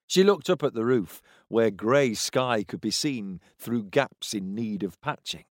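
Slow, expressive male audiobook narrator. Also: mid-range voice, no room sound, studio quality. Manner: measured, expressive reading. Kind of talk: scripted narration.

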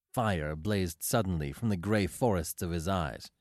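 A man narrating literary fiction as an audiobook, with expressive, measured storytelling. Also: low voice, no echo, clean studio sound.

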